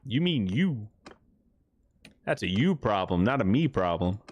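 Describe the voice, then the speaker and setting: A man's voice: lowish voice, big pitch swings, measured pace, darkish tone, muffled recording. A man voicing a snarky, defensive companion in a medieval game, crude and dismissive.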